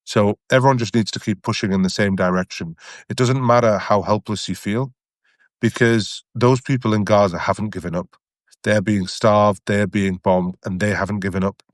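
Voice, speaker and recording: A man's voice: fairly low pitch, steady tone, moderate pace, no room sound, clean studio sound. A man guest speaking earnestly and emphatically in an interview, building his points through repetition. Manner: earnest and emphatic, repeating phrases. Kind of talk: interview testimony.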